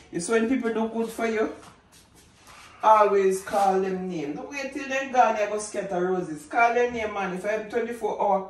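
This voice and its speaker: A man's voice: sits high, reverberant, recorded from a distance, poor audio. A man with a Jamaican accent, hosting a casual cooking vlog and chatting to viewers in patois. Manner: chatty, gives shout-outs in patois. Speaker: cooking channel host.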